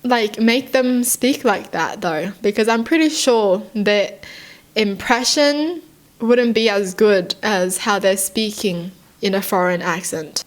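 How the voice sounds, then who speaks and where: This is a young woman chatting casually as she reacts on her own channel. She sounds curious and easily excited, and piles up questions one after another. Her talk is full of "like" and loose, chatty asides. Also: medium pitch. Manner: excitable and curious, heavy use of "like", rapid questions. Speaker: vlogger reacting to read-out stories.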